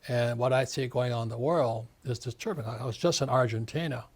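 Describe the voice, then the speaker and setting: A man's voice: mid-range voice, a little fast, slightly rough. An older man in his seventies, an author being interviewed, speaking emphatically in a ranting way. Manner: emphatic, ranting, acts out quoted voices. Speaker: author and guest.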